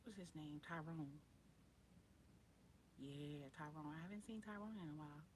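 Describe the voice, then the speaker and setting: A woman hosting a casual livestream, rambling in relaxed slang and greeting viewers by name. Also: deep voice, normal speed, a little hiss or hum. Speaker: livestream host.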